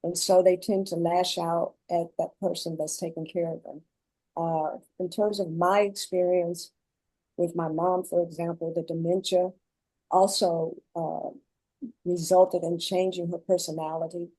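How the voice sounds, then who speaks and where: A woman guest on a panel, explaining her caregiving experience in earnest, measured phrases. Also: on the low side, level tone, warm tone, no room sound, low-quality recording. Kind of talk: panel discussion.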